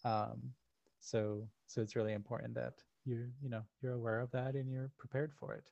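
A man co-hosting a podcast in loose, rambling chat, full of fillers and restarts. His voice is gravelly and stays flat in pitch. The sound is dry and a little dull. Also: normal speed, no room sound. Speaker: podcast co-host. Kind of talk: casual chat.

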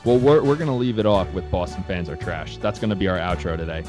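A man's voice: deep voice, lively intonation, fast, over music. A young man co-hosting a casual sports podcast, blunt and opinionated and swearing freely.

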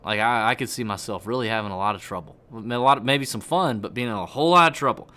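Bright-voiced joking man. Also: medium pitch, quick pace. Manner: joking, rambling, self-deprecating. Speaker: podcast co-host. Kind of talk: casual banter.

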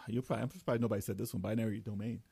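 A man's voice: fairly low pitch, fairly even intonation, racing, vocal fry, mellow, slightly rough, dry recording. A man in casual podcast chat about video games, laughing often while running through a list.

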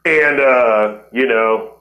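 A man's voice: medium pitch, very slow, sharp tone. A man in his forties hosts a podcast in a loose, heated way, swearing constantly and breaking into laughter. His voice rings out in a roomy, echoing space. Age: 40s. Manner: heated, cursing, laughing often. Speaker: podcast host. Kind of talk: profane casual chat.

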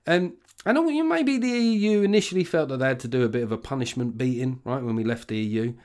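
A man's voice: medium pitch, lively intonation, quick pace, a little mellow. A man hosting a podcast in loose, casual political chat, swearing freely and laughing often. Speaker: podcast host.

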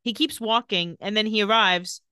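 A woman's voice: mid-range voice, moderate pace, pushed and bright, clean tone, no room sound. Woman podcast host recapping a show, jumps into character quotes, dry close sound. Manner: acts out characters' lines with laughs. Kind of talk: casual chat recapping a TV episode.

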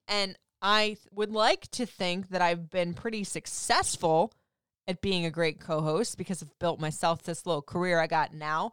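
A woman in her thirties, a radio host, talking candidly and chattily in a casual monologue, getting loud for emphasis and dropping soft for asides. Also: fairly low pitch, normal speed, clear, resonant tone, no echo, clean studio sound.

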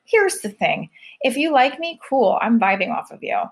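A woman's voice: fairly high pitch, big pitch swings, moderate pace, creaky. A woman hosting her own podcast and livestream, chatting casually and confessionally, rambling with lots of "like" as she talks. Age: adult mother of a school-age child. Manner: rambling and chatty, heavy use of "like".

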